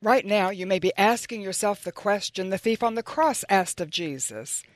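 A woman's voice: medium pitch, animated, normal speed, no echo. A woman giving a closing devotional word, earnest and questioning as she pleads with the listener.

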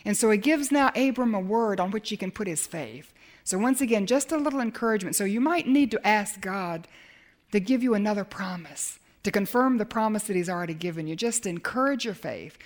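A woman preaching a sermon as a Bible teacher, dramatic, swinging from emphatic lines to hushed ones. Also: mid-range voice, animated, a little fast.

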